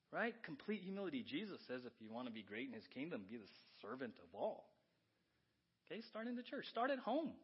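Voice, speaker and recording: A male pastor delivers a conversational sermon, throwing rhetorical questions at his listeners. His voice sits a little high and has a breathy, husky edge. The recording is dull and lo-fi. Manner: lively, conversational preaching with frequent rhetorical questions. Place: church.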